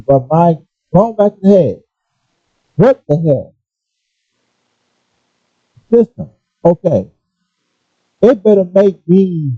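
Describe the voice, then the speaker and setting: A man ranting casually about gaming and pausing often to apologize for his language. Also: a little high, no echo. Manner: animated, apologetic asides, restarts. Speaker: gaming commentator. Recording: dull lo-fi, dry.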